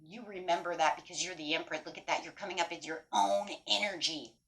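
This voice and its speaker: A woman's voice: lowish voice, steady tone, brisk, fairly bright tone, poor audio. A woman giving a tarot reading in a blunt, emphatic way, swearing freely as she talks straight to her viewers. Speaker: tarot reader.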